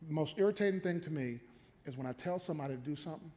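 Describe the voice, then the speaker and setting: A man pastor preaching an animated, emphatic sermon in a church sanctuary, mixing jokes and repetition. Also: a little high, rapid-fire. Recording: long hall reverb.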